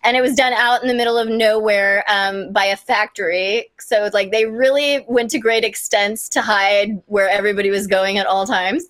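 A woman's voice: medium pitch, steady tone, normal speed, few pauses, a bit bright, dry recording. A young woman from Kansas telling a story as a guest, bubbly and full of "like" fillers. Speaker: guest performer. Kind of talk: casual storytelling.

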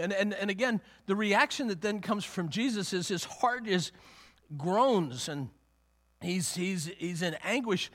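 A man with a high, fairly bright voice gives a sermon in a relaxed, conversational way. Restarting and repeating phrases often, he acts out what the people in his story say.

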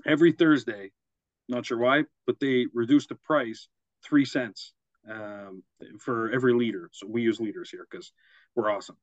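A man's voice: mid-range voice, fairly even intonation, moderate pace, dry recording. Guy co-hosting a podcast, rambly and jokey, keeps laughing at his own bits, kinda muffled dry audio. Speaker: podcast co-host. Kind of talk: casual podcast chat. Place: Quebec, Canada.

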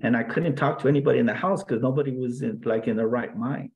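A man, a guest in an interview, earnestly recounting a personal story in a halting way, with many restarts and fillers. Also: mid-range voice, gravelly, a little mellow, poor audio.

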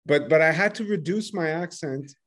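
A man's voice: on the high side, normal speed, a bit bright. A man from Quebec with a Quebecois French accent, hosting a casual interview, chatty and often laughing. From Quebec, Canada. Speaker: podcast host.

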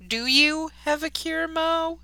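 A woman's voice: very high voice, slow, vocal fry, pushed and bright, no echo. A woman co-hosting a podcast, giggling as she recaps a cartoon episode and quotes its lines. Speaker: podcast co-host.

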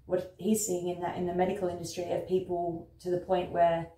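A woman speaks in a low, even voice with little rise and fall, reflecting candidly and dotting her speech with fillers. Her tone is dark and soft. She is recorded from a distance in an echoey room. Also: brisk, a little hiss or hum. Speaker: wellness retreat worker. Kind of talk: conversational interview.

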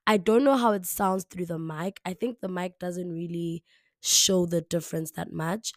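A young woman from South Africa hosting a podcast alone, talking casually with lots of "like" fillers, her voice hoarse, slightly raspy and deeper after the flu. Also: fairly even intonation, normal speed, no echo, studio quality. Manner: chatty, repeats herself, many "like" fillers. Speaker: podcast host. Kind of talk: casual solo podcast talk. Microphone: camera mic, alone indoors.

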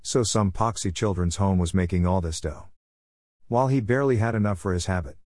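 A man's voice: sits low, brisk, a little mellow, no echo, studio quality. A man reading a comic story aloud as narrator, playfully voicing the characters' lines.

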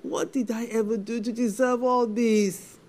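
A woman's voice: fairly high pitch, little pitch movement, unhurried, a little mellow, natural voice. A middle-aged woman with a Nigerian accent playing a bitter, wounded widow in a film drama, given to indignant "eh?"s. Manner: indignant, tearful, repeats "eh?". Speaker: widowed mother.

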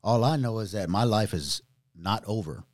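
A man sharing his own testimony in casual chat, animated, using street slang and acting out other people's voices. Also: fairly low pitch, normal speed, dry recording, clean studio sound.

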